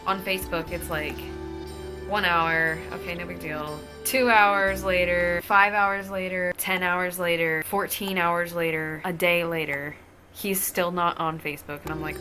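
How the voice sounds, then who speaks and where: A woman's voice: fairly low pitch, fairly even intonation, moderate pace. A young adult woman telling a personal story in a casual vlog, profane and exasperated. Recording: clear music playing behind the voice. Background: music.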